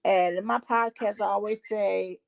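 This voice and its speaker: A woman's voice: medium pitch, fairly even intonation, normal speed, vocal fry. A woman guest who hosts her own podcast, talking candidly and heartfelt about her own experience, with frequent ums. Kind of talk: candid personal conversation.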